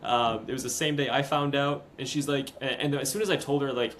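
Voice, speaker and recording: A young man in his twenties, a podcast guest, recounting a hard personal story in a casual, earnest, halting way. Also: medium pitch, steady tone, fairly bright tone, slight background noise, low-quality recording. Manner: earnest, halting, retelling step by step.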